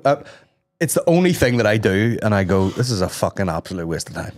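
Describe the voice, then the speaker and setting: A man's voice: on the low side, animated, brisk, darkish tone, dry recording. A man with a Northern Irish accent telling jokey stories and swearing freely in casual podcast chat.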